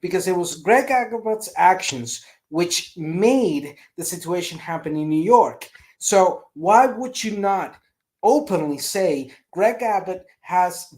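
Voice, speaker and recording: A man's voice: sits high, darkish tone. A man on a casual panel, telling a story and pressing pointed rhetorical questions.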